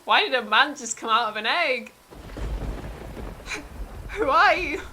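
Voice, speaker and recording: A woman voicing Terry, a panicky, bewildered young man, talking shrill and fast. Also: expressive, sharp tone, slight background noise, heavily acted. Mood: panicked.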